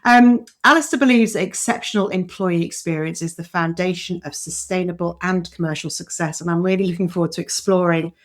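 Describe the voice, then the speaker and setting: A woman with a fairly low voice hosts a podcast interview. She talks in a chatty, encouraging way and often starts over mid-sentence. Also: fairly quick, few pauses. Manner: warm, chatty, with fillers and restarts. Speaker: podcast host.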